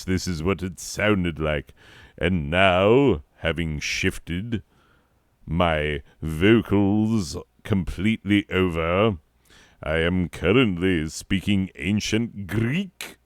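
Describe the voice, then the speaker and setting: A man's voice: low-pitched, clean tone, no room sound, studio quality. A man voicing a pompous, stuck-up male Roman emperor in a put-on stuffy upper-class British accent, drawn out and grandiose. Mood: lofty.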